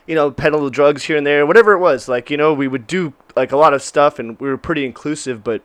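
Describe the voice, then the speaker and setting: A young man looks back on his teen years in a relaxed, profane way, trailing off and laughing along. His voice sits a little high. The sound is close and dry, with no room echo. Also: quick pace, clean tone. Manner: loose, profane, laughs often. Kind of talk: casual chat.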